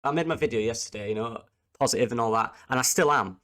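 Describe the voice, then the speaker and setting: Angry football fan ranting. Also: male voice, mid-range voice, fast talker, a bit bright. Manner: angry, repetitive, exasperated. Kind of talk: post-match reaction rant.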